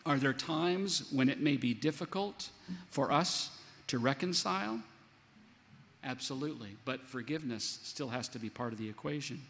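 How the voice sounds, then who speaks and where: A man preaching a sermon in a lively, animated way, acting out the lines he quotes. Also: mid-range voice, normal speed, vocal fry, slight background noise. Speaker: pastor. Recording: long hall reverb.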